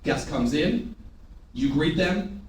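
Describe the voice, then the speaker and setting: A man with a voice on the high side speaks at a slow pace during a live sales training, energetic and jokey as he drills staff with call-and-response. He's in a large room before an audience, recorded at a distance with echo and slight background noise.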